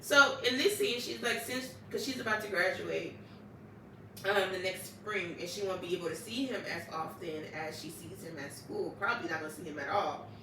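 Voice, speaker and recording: A woman casually recapping anime episodes in a chatty, animated way, acting out the characters and exclaiming "child.". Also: lowish voice, moderate pace, noisy background. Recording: echoey room, distant mic.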